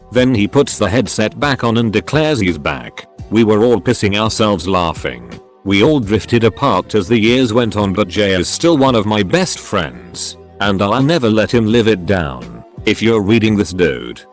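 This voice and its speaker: A man with a fairly low voice reads short stories aloud in a scripted narration. His pitch moves a lot, rising and falling through each sentence. Faint music plays behind him. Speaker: narrator reading online stories. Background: faint background music.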